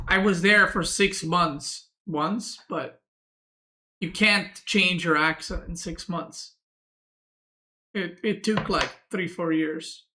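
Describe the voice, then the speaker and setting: Bright-voiced streamer. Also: male voice, sits high. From Serbia. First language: Serbian. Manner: relaxed, answers chat questions aloud. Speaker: game streamer. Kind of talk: casual chat with stream viewers.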